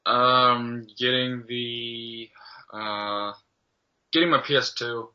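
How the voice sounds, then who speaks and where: A man chatting casually as a podcast guest, hesitant with lots of pauses and fillers. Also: medium pitch, steady tone, smooth. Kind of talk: casual chat. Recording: dull lo-fi audio.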